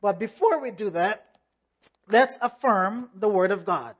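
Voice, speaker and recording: A preacher delivering a sermon at a middle pitch. The delivery is measured and emphatic, with rhythmic repeated phrases and calls for the congregation to answer back. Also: expressive, breathy edge, dull audio. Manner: call-and-response, rhythmic repetition. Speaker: pastor.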